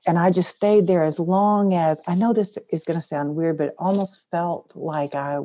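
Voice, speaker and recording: A middle-aged woman, a guest in an interview, shares a personal story in a low, deep-set voice. She speaks earnestly and softly at a normal speed with fairly even intonation, her voice dropping quietly during the serious moments.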